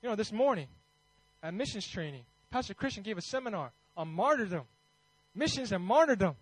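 A man's voice: high-pitched, big pitch swings, brisk, slightly rough, dry recording, poor audio. A man preaching a Christmas sermon in a conversational way, then leading a fervent prayer. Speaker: pastor.

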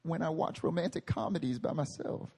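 A man preaching a sermon at a prayer meeting, animated and conversational, with humorous tangents. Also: a little high, brisk, creaky, slight background noise. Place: meeting hall.

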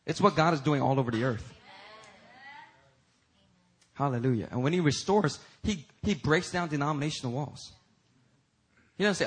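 A man preaching a sermon as pastor, emphatic, rising to high, loud peaks and talking casually to the congregation. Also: moderate pace, long pauses, breathy edge, poor audio. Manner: uses y'all and casual asides to the congregation.

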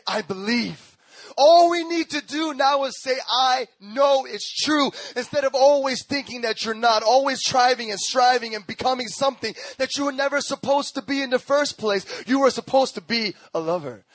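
Young guy preaching, high voice, super animated, repeats lines for punch, dry sound. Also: no echo. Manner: animated, acts out voices, laughs often; repetitive rhythmic emphasis. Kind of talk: lively sermon with storytelling.

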